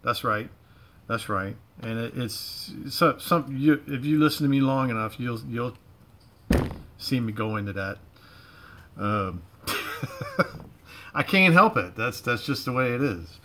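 A middle-aged Florida man with a bright, forward voice and a loose Southern drawl flecked with Cajun, chatting casually to a livestream audience. He rambles, restarts his sentences and leans on folksy slang, talking from his home garage. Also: mid-range voice, expressive, unhurried, a little hiss or hum. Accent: Southern US drawl with Cajun touches. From Florida, USA. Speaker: livestream host.

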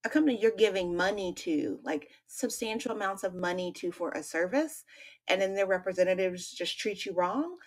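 A woman's voice: medium pitch, lively intonation, normal speed, low-quality recording. A woman co-hosting a podcast, chiming in with short reactions and laughs in casual chat. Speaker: podcast co-host.

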